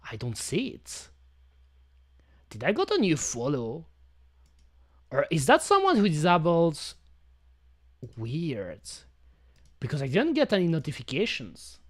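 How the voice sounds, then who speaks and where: A woman streamer chats casually from her home setup, her voice low but swinging widely in pitch. Her phrasing is expressive and a little non-native, and the sound is dry and close to the mic. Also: slow pace, long pauses, no room sound. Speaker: VTuber streamer. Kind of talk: casual chat. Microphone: studio microphone.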